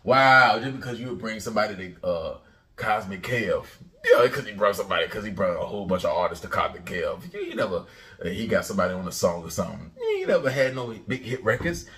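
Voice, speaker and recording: A man hosting a commentary channel, ranting and taunting loudly, often jumping into a high mocking pitch. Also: lively intonation, fast talker, far from the mic.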